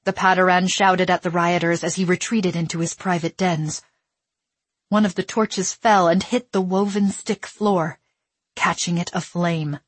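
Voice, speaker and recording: Husky woman narrating a story. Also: lowish voice, steady tone, a little slow, dry recording. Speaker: audiobook narrator. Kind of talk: scripted narration.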